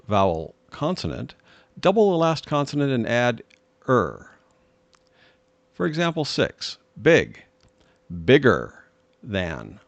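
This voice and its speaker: A man reads English grammar rules and example sentences at an unhurried, careful pace. His voice sits at a middle pitch and moves up and down a lot. The recording is close and dry. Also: vocal fry, no room sound. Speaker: English teacher. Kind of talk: slow, deliberate language lesson reading.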